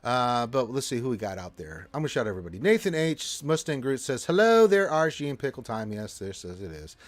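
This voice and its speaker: A man's voice: medium pitch, very animated, fairly quick, no room sound. An American man hosting a gaming live stream, chatting casually, joking, and reading viewer names aloud. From United States. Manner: joking, reads out chat names with playful put-on voices.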